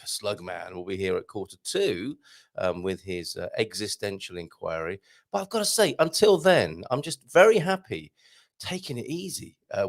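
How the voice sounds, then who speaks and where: A hoarse man hosting a live morning show, chatting and joking in a rambling way. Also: mid-range voice. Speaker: host. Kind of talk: casual live-stream chat.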